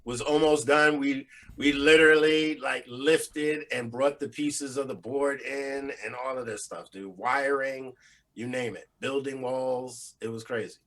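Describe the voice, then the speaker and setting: Bright-voiced laid-back male studio veteran. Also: medium pitch, a little slow. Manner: relaxed, explanatory, laid-back slang. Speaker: former studio engineer, guest. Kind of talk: casual interview storytelling.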